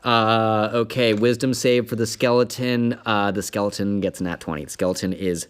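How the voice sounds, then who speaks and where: A man's voice: fairly low pitch, steady tone, normal speed, hardly any pauses, slight background noise. A man in the dungeon master role, narrating a tabletop game loosely, with many fillers and laughs.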